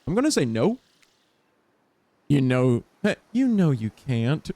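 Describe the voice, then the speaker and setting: A man streaming a dating game, reading its text aloud and reacting with playful laughs and sudden high-pitched bursts. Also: very animated, a little slow, pauses often, dark tone, dry recording.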